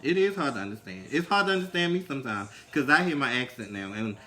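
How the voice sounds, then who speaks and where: A man's voice: medium pitch, lively intonation, quick pace. A young man with a Baltimore accent, co-hosting a casual livestream chat and teasing his co-host. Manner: sassy, teasing, loud bursts of laughter.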